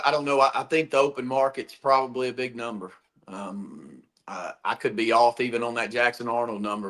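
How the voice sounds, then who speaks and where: A man co-hosting a sports talk show, with a bright, sharp tone at a middling pitch. He talks bluntly, often sounds exasperated, and keeps restarting his sentences.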